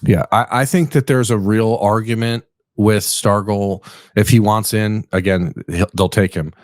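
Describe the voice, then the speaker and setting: A man's voice: on the low side, fairly even intonation, measured pace, dry recording, studio quality. A man hosting a casual sports podcast, tired and rambling, often correcting himself and joking. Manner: rambling, self-correcting, jokey. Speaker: podcast host.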